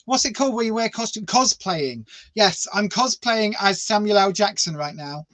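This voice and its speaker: A man with a high, bright voice gives tarot readings live, chatty and playful and full of fond asides to his viewers. The sound is close and dry, with no room around it. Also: animated, moderate pace, no echo, low-quality recording. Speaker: tarot reader.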